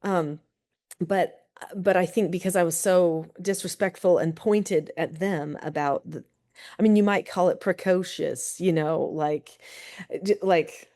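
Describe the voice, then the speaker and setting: A middle-aged woman, a parenting expert, telling personal stories as a guest in a podcast interview, animated and full of "like" and "you know". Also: fairly low pitch, unhurried. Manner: animated storyteller, many fillers like "like" and "you know".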